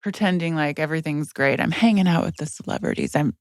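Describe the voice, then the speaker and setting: A woman's voice: low-pitched, fast, no echo, clean studio sound. A woman hosting a podcast who asks reflective, empathetic questions. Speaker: podcast host. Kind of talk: interview questions.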